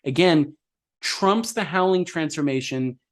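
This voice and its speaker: A man's voice: fairly high pitch, a little slow. Rambling male podcast co-host. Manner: rambling, many fillers and restarts. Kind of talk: casual film discussion.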